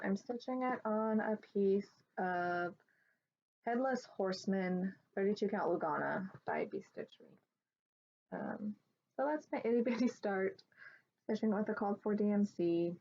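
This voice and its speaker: A woman with a lowish, gravelly voice chats casually at home, rambling through fillers and restarts as she shows her work. The recording is dull and lo-fi, with a faint hiss of background noise. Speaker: cross-stitch vlogger. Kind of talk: casual show-and-tell chat.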